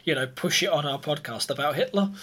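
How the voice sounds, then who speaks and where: A man's voice: on the high side, a little fast, bright, forceful tone. A man hosting a history podcast, chatting easily and explaining things step by step. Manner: easygoing, laughs often, explains step by step. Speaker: podcast host presenting history. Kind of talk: casual chat and history explanation.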